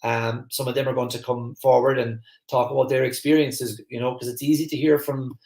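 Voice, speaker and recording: A man with an Irish Kerry accent, hosting a live online masterclass. He talks fast and eagerly, with lots of fillers and restarts, and chats with viewers. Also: medium pitch, roomy sound. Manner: fast, energetic, chatty, many fillers and restarts. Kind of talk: live-stream talk to viewers, reading the chat.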